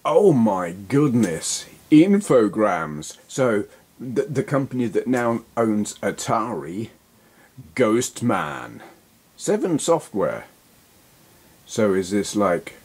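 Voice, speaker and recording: Slow, chatty man gaming. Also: mid-range voice, darkish tone, breathy edge. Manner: self-deprecating, rambling, jokey. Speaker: retro gaming YouTuber. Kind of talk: casual gameplay commentary.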